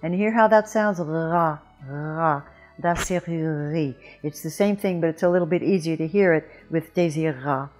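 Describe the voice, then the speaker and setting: A woman with a lowish voice gives a French pronunciation lesson, patient and careful as she models each word slowly. Faint music plays behind her. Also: darkish tone. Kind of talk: instructional lesson.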